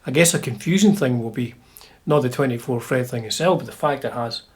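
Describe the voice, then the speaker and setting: A Scottish man with a husky, slightly breathy voice at a middling pitch. He talks about guitars in a relaxed, chatty way. He is wry and drops into quiet asides under his breath. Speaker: guitar channel host. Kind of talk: casual chat.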